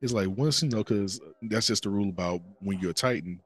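A man's voice: lowish voice, brisk, husky, faint music behind. A man co-hosting a podcast, casually retelling a game's story in slangy talk and acting out the characters' lines. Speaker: podcast co-host.

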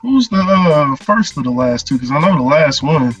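A podcast co-host asking quick, excited questions in casual chat. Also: medium pitch, distant mic, music in the background.

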